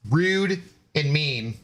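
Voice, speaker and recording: A man's voice: fairly high pitch, a bit bright. A man live-streaming a game, joking and bantering as he answers his chat. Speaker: gaming streamer.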